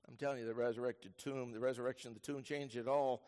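A male pastor preaching a sermon, telling the story vividly, dropping to hushed lines and rising to loud bursts. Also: mid-range voice, fairly even intonation, fast. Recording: long reverb of a large hall.

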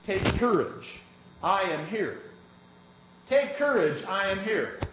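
A male pastor preaching a sermon, reading scripture aloud in an animated way to a congregation. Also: high voice, slow, very noisy. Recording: echoey, slightly dull church recording.

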